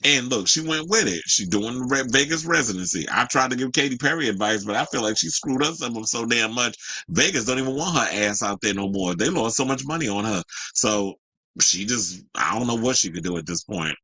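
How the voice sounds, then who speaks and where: A man's voice: medium pitch, lively intonation, a little fast, bright, forceful tone, no room sound, poor audio. A man hosting a celebrity news show, reading stories and breaking off into loose, sarcastic, joking asides in casual slang.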